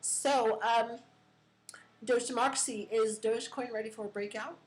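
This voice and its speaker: A woman's voice: a little high, steady tone, normal speed, rough recording. A young woman hosting a casual crypto livestream, giving a chatty market rundown full of fillers. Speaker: livestream host.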